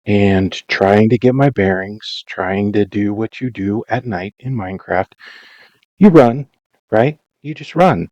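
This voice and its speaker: A man's voice: on the low side, darkish tone, no room sound, dull audio. A man narrating his own gameplay in a rambling, self-mocking, dramatized way, in a casual voice-over. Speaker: Minecraft let's-play narrator.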